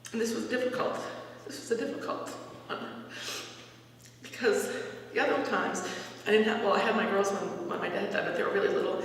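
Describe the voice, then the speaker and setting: A woman's voice: medium pitch, slight background noise. Woman testifying in an echoey hall. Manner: earnest, conversational, with frequent restarts. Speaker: campus minister giving a retreat talk. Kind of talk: personal testimony storytelling. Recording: echoey hall recording from far off.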